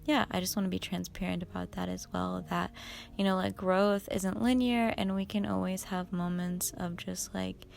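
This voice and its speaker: A woman's voice: lowish voice, steady tone, normal speed, creaky. A young woman chatting to camera in a casual vlog, rambling with lots of "like" and "you know.". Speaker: vlogger. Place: outdoors in a city. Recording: voice a little off-mic, faint street noise.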